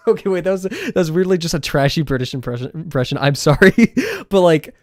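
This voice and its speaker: A young man streaming his drawing session, rambling casually with viewers, self-deprecating and quick to laugh. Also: on the high side, very animated, no echo. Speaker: drawing livestreamer.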